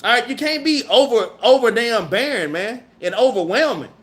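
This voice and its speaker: Man, high voice, Southern US accent, casual scripture teaching, slangy preaching. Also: lively intonation, a bit bright. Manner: casual slangy preaching, reads verses slowly.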